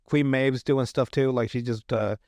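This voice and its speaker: At a normal speed and steady tone, a man with a mid-range, slightly mellow voice hosts a podcast recapping a TV episode. His casual rambling is full of fillers and restarts, and he laughs often; there's no room sound.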